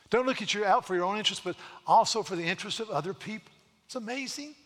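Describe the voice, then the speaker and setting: A middle-aged man preaching a sermon to his church, earnest, slowing down to stress words and often repeating himself. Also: sits high, lively intonation, pushed and bright. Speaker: pastor. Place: church sanctuary. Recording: long hall reverb.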